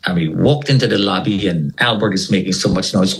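A man's voice: low voice, fairly quick, hardly any pauses, poor audio. A man telling a gripping personal story as an interview guest, retelling it dramatically and repeating words for effect. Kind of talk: animated spoken storytelling.

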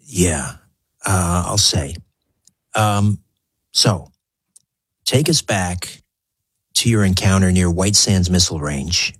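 A man's voice: sits low, takes it slowly, pauses often, husky, no room sound. A male radio talk host asking hesitant, stumbling questions in an interview.

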